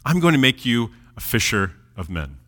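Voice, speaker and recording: A calm, kindly teacher talks in friendly, everyday modern words, as a man lends him his own voice in a sermon. The voice rises and falls with a bright ring. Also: mid-range voice, moderate pace. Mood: reassuring. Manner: casual, friendly modern phrasing.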